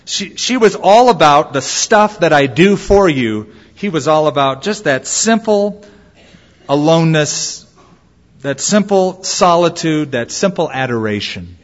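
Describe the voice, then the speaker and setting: A man's voice: a little high, animated, unhurried. A man preaching a sermon as a pastor, acting out quoted voices as he goes. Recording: lo-fi with long hall reverb.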